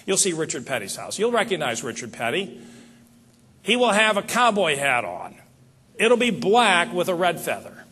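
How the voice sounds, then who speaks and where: A man giving a motivational sales seminar on stage, talking straight to the audience in an animated way. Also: high-pitched, moderate pace, breathy edge. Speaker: seminar speaker.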